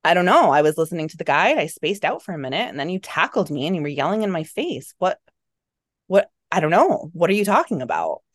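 A woman's voice: lowish voice, very animated, fairly quick, no room sound, clean studio sound. A woman voicing a young man, her boyfriend character, who asks earnest, worried questions in a novel reading. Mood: puzzled. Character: young man, boyfriend, calm then uneasy.

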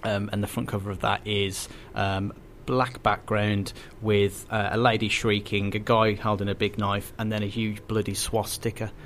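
A man on a radio chat as an enthusiastic guest, talking in halting restarts and often chuckling. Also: on the low side, level tone, a bit bright, a little hiss or hum.

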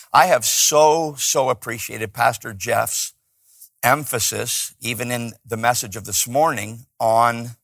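Forceful preacher, dry close sound. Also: male voice, mid-range voice, creaky, dry recording. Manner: dynamic preaching, swinging between loud emphatic peaks and hushed asides. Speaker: pastor. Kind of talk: sermon.

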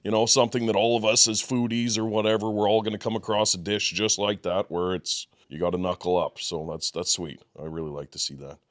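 A man with a low voice co-hosts a podcast. He chats eagerly and casually and drops in slang. The recording is close and dry. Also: steady tone, fairly quick, hardly any pauses, no echo. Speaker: podcast co-host.

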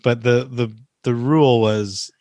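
A man's voice: mid-range voice, fairly even intonation, unhurried, a little mellow, no echo. A man hosting a casual chat as an improviser, talking in an eager, rambling way and laughing often. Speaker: podcast host, improviser.

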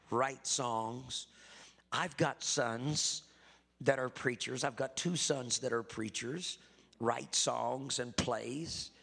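A middle-aged man, a pastor giving a sermon testimony at a church service, emphatic and swinging between loud and hushed. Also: mid-range voice, vocal fry, breathy edge, in a large hall.

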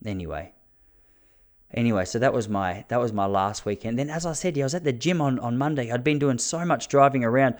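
An Australian man in his thirties talks straight to his listeners in a loose, rambling monologue. He tells his stories with animated energy and keeps restarting his sentences. His pitch sits in an ordinary middle range for a man. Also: a little fast. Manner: animated, chatty storyteller with frequent restarts. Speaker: podcast host and stand-up comedian. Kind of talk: casual storytelling monologue.

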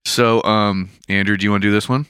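Smooth-voiced man musing on a podcast. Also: on the low side, fairly even intonation, fairly quick, a bit bright, no echo, studio quality. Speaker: podcast co-host. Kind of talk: casual chat discussing a manga.

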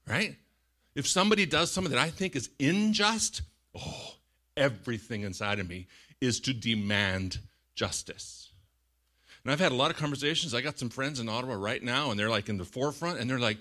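Middle-aged male preacher, animated sermon delivery, bright forward tone. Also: medium pitch, moderate pace. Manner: animated, shouts out quoted lines, laughs often. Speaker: pastor.

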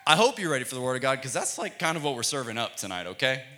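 A young man, a student pastor, preaching a playful, energetic youth sermon in a church and calling for audience responses. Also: mid-range voice, very fast. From United States.

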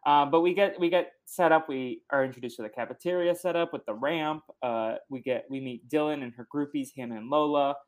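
A man's voice: fairly high pitch, a little fast, hardly any pauses. Chatty male podcast host. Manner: relaxed, chatty, many fillers. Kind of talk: casual chat.

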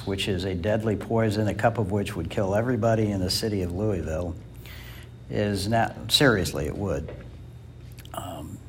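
A man with a lowish voice leads a church Bible class. He reads scripture aloud before moving into a relaxed, conversational lecture full of small fillers and quick self-corrections, with the odd dry aside. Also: a little hiss or hum.

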